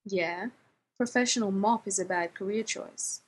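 A woman's voice: mid-range voice, measured pace, slight background noise, lightly acted. A woman voicing a weary, bruised young man who mutters, trails off and jokes wryly. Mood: tired, sheepish.

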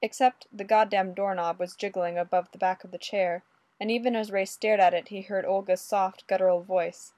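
A woman narrating adult fiction aloud in a steady, measured reading. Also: mid-range voice, no echo.

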